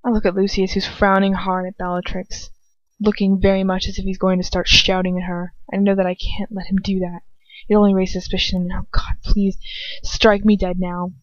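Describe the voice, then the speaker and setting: A woman's voice: medium pitch, level tone, normal speed, no echo, muffled recording. A woman reading a fan story aloud in first person, casually, with small slips and restarts. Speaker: fanfiction reader.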